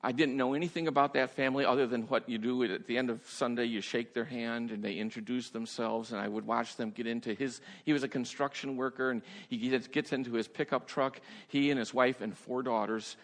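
A male pastor preaches in a large hall, and a long reverb trails after each phrase. His pitch sits in the middle range. He tells his stories with animated energy, often laughing and repeating words as he starts a sentence. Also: a little fast, hardly any pauses. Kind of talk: sermon storytelling.

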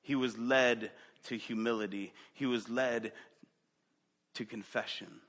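A man preaching a sermon who asks the congregation direct questions and moves between loud emphatic stretches and quiet ones. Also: medium pitch, steady tone, slow. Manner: dynamic preaching, rising loud then dropping to quiet. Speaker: pastor.

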